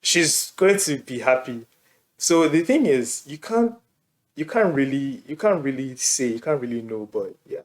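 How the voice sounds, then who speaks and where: A man's voice: medium pitch, expressive, unhurried. A man hosting a reaction video, giving laid-back casual commentary and chuckling between remarks.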